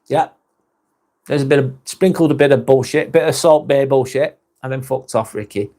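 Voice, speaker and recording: A man's voice: medium pitch, moderate pace, mellow. A man hosting a casual live vlog, reading viewer comments aloud and chatting with them, swearing casually. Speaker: live stream host reading chat.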